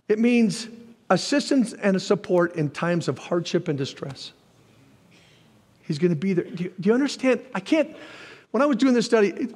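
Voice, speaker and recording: Man, pastor; high voice, lively preaching, reverberant sanctuary. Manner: animated preaching, jumps to shouts when voicing God; folksy asides to the congregation. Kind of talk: sermon.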